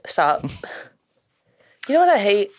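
A young woman co-hosting a casual podcast chat, dry and quick to complain, often laughing. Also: mid-range voice, sing-song, darkish tone. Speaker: podcast co-host.

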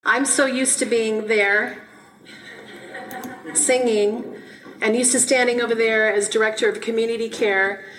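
A woman's voice: on the high side, steady tone, a little slow, long pauses, low-quality recording. A middle-aged woman minister giving a personal, heartfelt, conversational sermon in a church sanctuary. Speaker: minister giving her first talk.

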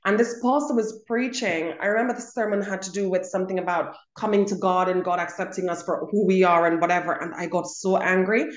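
A woman's voice: fairly low pitch, steady tone, brisk, hardly any pauses. A young adult woman co-hosting a casual chat, telling a personal story with emphatic repetition. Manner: emphatic storytelling, repeats words for stress. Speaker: co-host. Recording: roomy echo.

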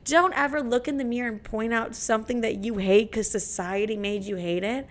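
A woman's voice: on the high side, steady tone, fairly quick. A young woman hosting a podcast, talking in a brash, profane, dramatic way. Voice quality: creaky. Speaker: podcast host. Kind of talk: casual podcast monologue.

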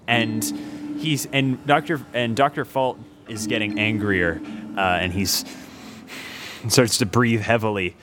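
Low-voiced man narrating a tabletop game. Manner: slow, halting narration with many restarts. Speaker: game master.

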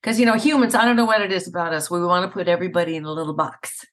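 A middle-aged woman voice actor speaks in an interview with a slightly low, even voice. She is chatty and tells stories, often breaking into a laugh. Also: very fast. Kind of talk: casual interview conversation. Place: Atlanta area.

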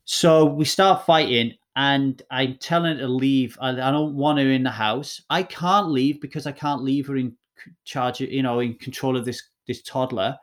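A man's voice: mid-range voice, normal speed. Middle-aged man, mid-range voice, blunt guest telling raw stories, emphatic, swears freely. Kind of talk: candid personal storytelling.

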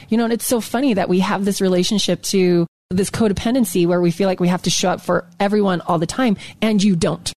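A woman's voice: medium pitch, fast, a little mellow, no echo. A woman co-hosting a podcast in casual chat, emphatic and fond of repeating her key words. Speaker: podcast co-host.

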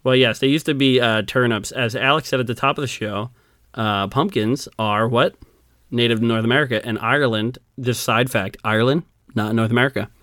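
A man's voice: medium pitch, steady tone, a little fast, fairly bright tone, no room sound, clean studio sound. A man co-hosting a podcast, telling a folk tale in casual chat, acting out the characters and laughing often. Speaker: podcast co-host.

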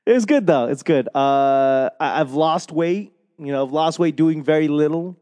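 A man's voice: fairly high pitch, measured pace, hardly any pauses, dark tone, in a large hall. A man with a Boston accent rambling casually into a microphone, self-deprecating and swearing freely.

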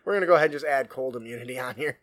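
A man's voice: medium pitch, rapid-fire, a crowd in the background. A man hosting a tabletop game design podcast, casual and self-deprecating, laughing often.

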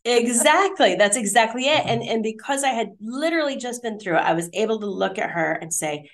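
A middle-aged woman co-hosting a casual Christian talk, telling a personal story in an animated, encouraging way. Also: on the high side, fairly quick, few pauses.

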